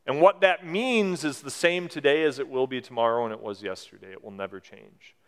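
A pastor in his forties preaches a sermon, explaining scripture conversationally with emphatic rises. His mid-range voice is smooth and a little fast, and the recording carries a long hall reverb.

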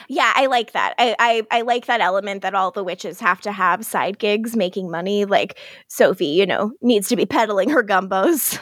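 A woman's voice: medium pitch, expressive, normal speed, no room sound, clean studio sound. A woman co-hosting a podcast in casual chat, laughing often and swearing as she retells scenes. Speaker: podcast co-host.

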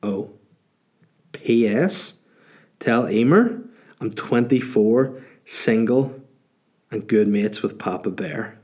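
A Northern Irish man in his thirties hosts a podcast in a relaxed, chatty way. His voice sits on the low side, and he jokes his way through rambling stories and listener questions. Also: slow pace, pauses often. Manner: chatty, joking, rambling anecdotes. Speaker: podcast host. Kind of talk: casual chat answering listener questions.

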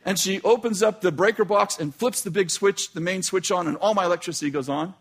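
Brief: middle-aged male pastor, raspy and a bit high, telling a story from the pulpit with chatty restarts. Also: brisk, few pauses. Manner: conversational, repeats and restarts phrases. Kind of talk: storytelling sermon.

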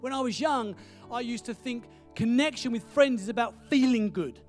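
High-pitched animated male preacher. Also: normal speed, faint music behind. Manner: animated storytelling, asks the audience "right?". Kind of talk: sermon.

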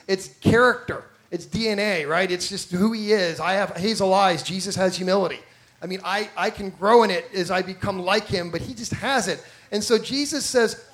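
A man's voice: high-pitched, fairly bright tone. A man preaching a conversational sermon, self-deprecating and often repeating words as he builds a point. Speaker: pastor.

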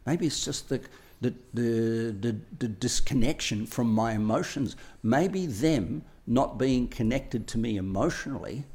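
A man's voice: medium pitch, a little mellow. A man co-hosting a podcast, talking casually and acting out little everyday scenes with playful voices. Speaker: podcast co-host. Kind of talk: casual conversational chat.

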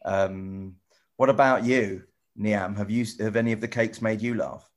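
Man, lowish voice, rambling stop-start talk, gentle with kids, casual video chat. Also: fairly even intonation, measured pace. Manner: rambling, stop-start, many repeated "you know"; gentle and encouraging with children. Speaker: TV presenter answering children's questions.

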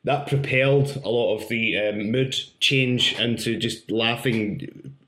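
Man, podcast host, mid-pitched voice, dry teasing humour, echoey room. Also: slow pace, a bit bright. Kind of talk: casual podcast interview.

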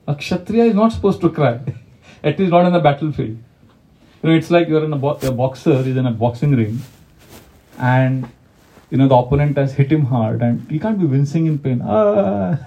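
A spiritual teacher gives a devotional lecture in a conversational way, posing questions to his listeners and reciting Sanskrit verses. His voice is slightly high and mellow, and the recording is rough.

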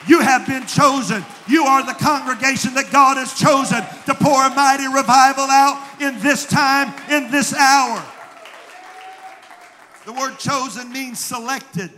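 A man with a Southern accent preaching a rhythmic sermon as pastor, swinging between hushed passages and shouted refrains. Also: very high-pitched, fairly even intonation, slow pace. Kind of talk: fiery sermon. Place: church sanctuary. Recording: long hall reverb, faint crowd and noise.

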